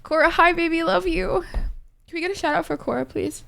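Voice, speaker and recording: A young woman streamer chatting casually with her viewers, expressive and talkative, swearing freely. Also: extremely high pitch, moderate pace, creaky, soft background music. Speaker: Twitch streamer. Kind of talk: casual livestream chat with viewers.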